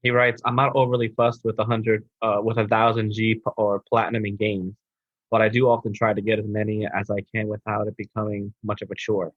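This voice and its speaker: Low husky dude on a gaming podcast, sore throat, kinda dull lo-fi sound. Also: male voice, a little fast, dry recording. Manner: relaxed, laid-back, says "bro". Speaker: podcast co-host. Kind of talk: casual chat.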